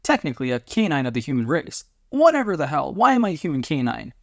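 A frantic male alien dog-man, as a man puts him on, firing off shrill, high-pitched questions. The storybook voice sits well above the reader's own, close and dry with no room sound. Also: big pitch swings, fairly quick, gravelly, dry recording, heavily acted. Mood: indignant.

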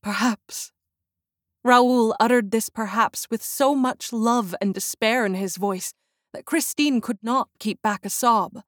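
A woman narrating an audiobook in a measured storytelling voice. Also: a little high, dry recording, studio quality. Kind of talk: scripted narration.

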